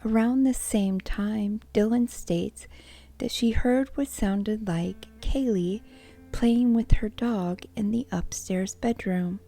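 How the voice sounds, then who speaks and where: A woman whispering a true crime account as a soft-spoken ASMR narrator. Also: medium pitch, faint music behind. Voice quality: unvoiced whisper. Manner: soft-spoken, measured storytelling.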